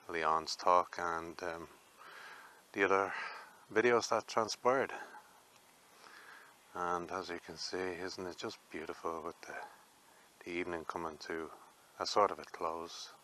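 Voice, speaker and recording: A man's voice: sits low, bright, forceful tone. An Irish man vlogging in a rambling, chatty way and laughing often as he talks to viewers. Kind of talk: casual walking vlog.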